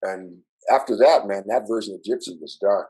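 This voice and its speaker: A man's voice: on the low side, normal speed, dark tone, slightly rough, poor audio. Older man telling profane road stories. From Minnesota. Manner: profane, rambling with tag questions. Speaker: musician guest. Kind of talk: casual storytelling.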